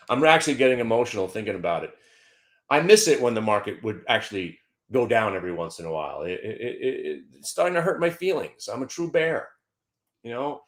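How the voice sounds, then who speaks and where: Animated man riffing on the markets. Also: medium pitch, fairly quick. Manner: animated, joking, mock-emotional, repeats himself. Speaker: stock trading show host. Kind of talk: casual market commentary.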